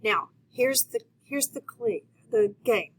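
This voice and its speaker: A woman's voice: mid-range voice, lively intonation, husky, poor audio. A woman teaching a phonics lesson to children, speaking patiently and encouraging her viewers to answer. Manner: slow, patient, encouraging, talks to viewers directly.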